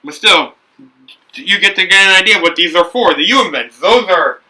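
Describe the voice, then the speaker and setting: A man's voice: high voice, lively intonation, normal speed, sharp tone, distant mic, low-quality recording. A young man hosting a building video, chatting casually and rambling with frequent restarts and self-corrections. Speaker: brick builder and video host. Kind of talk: casual talk while building.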